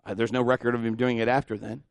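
A man preaching a sermon as pastor, informal and conversational, often rising in pitch and volume as he gets animated. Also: fast, no room sound. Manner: informal and conversational, with restarts and asides.

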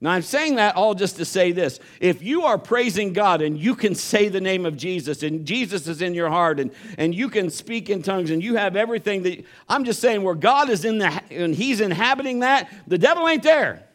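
A pastor preaching a sermon, moving between fervent exhortation and hushed storytelling. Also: male voice, high-pitched, animated, normal speed, hardly any pauses.

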